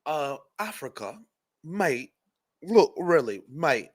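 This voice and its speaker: A man's voice: fairly high pitch, very animated, drawn-out words, dark tone, full character voice. A man putting on a mock-apologetic British man, apologizing with exaggerated regret. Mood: mock-sorry.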